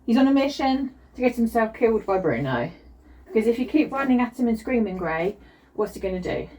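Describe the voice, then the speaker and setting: Brisk and animated, a young woman with a warm, higher-pitched voice vlogs into her phone camera at home, the rough recording picking up slight background noise. She talks frankly and wearily about her family in casual vlog chat, suddenly turning to sing-song baby talk with her children and dog.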